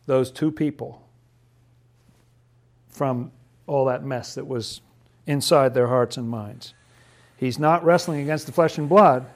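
A man leading a casual Bible study, chatty and laughing often, who acts out the figures' lines in playful voices. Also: medium pitch.

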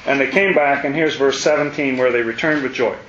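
A man leading a casual Bible study, animated and exclamatory, his voice jumping up when excited. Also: mid-range voice, fairly quick. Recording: dull, roomy, faint hiss.

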